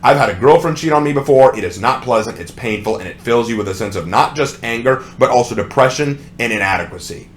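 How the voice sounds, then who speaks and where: A man's voice: mid-range voice, animated, quick pace, hardly any pauses, a little hiss or hum. A young adult man ranting sarcastically as a song reviewer, with exasperated commentary.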